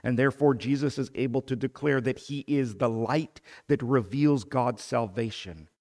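A man preaching a sermon as pastor, slow and emphatic, building to fervent peaks. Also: mid-range voice, darkish tone. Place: church sanctuary. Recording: long hall reverb.

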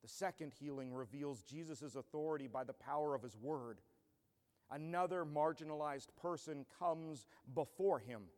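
A man's voice: on the high side, moderate pace, darkish tone, big-room sound. A man pastor preaching an earnest, emphatic expository sermon in a church.

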